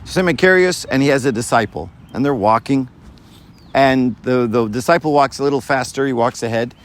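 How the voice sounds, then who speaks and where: A man giving a sermon to a live audience, lively and full of rhetorical questions. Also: medium pitch, normal speed. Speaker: preacher.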